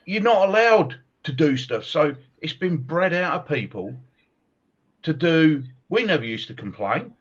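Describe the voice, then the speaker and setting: Brief: middle-aged host, fairly high voice, lively storyteller, dull lo-fi line. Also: male voice, measured pace, husky. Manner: animated storyteller, laughs often. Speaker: podcast host, martial arts coach. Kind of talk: casual chat.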